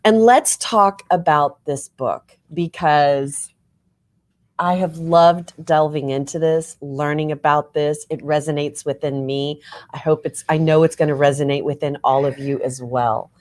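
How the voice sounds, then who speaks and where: A woman's voice: low voice, steady tone, unhurried, no room sound. A woman hosting a live interview, drawing out her guest with encouraging remarks. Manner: warm affirming interviewer, frequent mm-hmms. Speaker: host.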